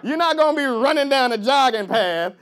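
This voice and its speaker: A man's voice: very high voice, animated, brisk, a bit bright. A man from Chicago doing a stand-up comedy set in a club, working the crowd and swearing freely. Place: comedy club stage, with audience laughter. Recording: live club audience laughing.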